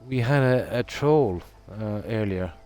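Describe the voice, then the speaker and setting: A middle-aged man from Ireland with a Midlands accent, a game streamer chatting casually and ramblingly with his viewers in a relaxed, self-deprecating way. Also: lowish voice, measured pace. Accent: Irish Midlands.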